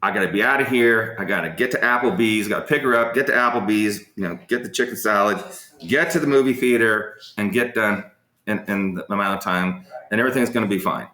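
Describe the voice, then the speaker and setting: Speaking briskly in a fairly low, bright and forceful voice, a man runs a casual live Q&A from an echoey room. He rambles through anecdotes, leans on frequent fillers, and responds to what viewers ask.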